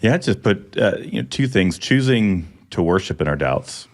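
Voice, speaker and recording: Deep-voiced man sharing a halting testimony. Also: lively intonation. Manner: halting, reflective, with many ums and restarts. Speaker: guest. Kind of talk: personal testimony in casual chat.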